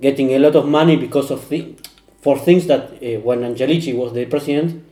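Guy on a footy podcast, warm low-key tone, echoey room, lots of uhs. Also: steady tone, brisk. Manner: hesitant, searches for words. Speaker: podcast panelist. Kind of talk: casual football chat.

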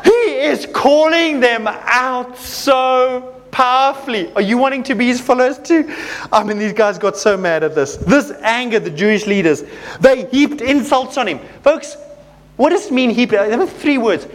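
High-pitched guy preaching, reads verses then gets all fired up. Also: a little slow. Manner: animated, emphatic, reads scripture then comments. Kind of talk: sermon.

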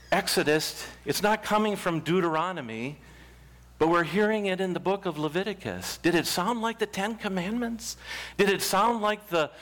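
Male pastor, sermon delivery, unhurried and emphatic reading of scripture, voice sits a touch high. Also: fairly bright tone. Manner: slow, deliberate scripture reading with dramatic pauses. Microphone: microphone in church.

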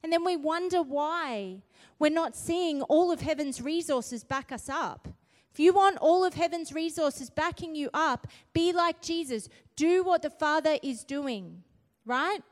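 A woman's voice: high voice, unhurried. A woman preaching a sermon earnestly, driving points home with rising emphasis and frequent "right?" tags. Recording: long hall reverb.

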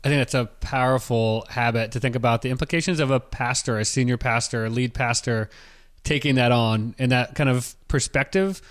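A man's voice: mid-range voice, fairly even intonation, fairly quick, clear, resonant tone. Reflective man hosting an interview. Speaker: host. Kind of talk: casual interview talk.

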